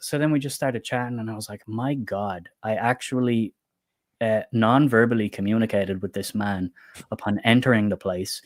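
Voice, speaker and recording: A man's voice: lowish voice, normal speed. An Irish man from Dublin co-hosting a book channel's livestream chat, telling anecdotes with frequent laughter and casual swearing. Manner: lively storytelling, laughs often, swears casually.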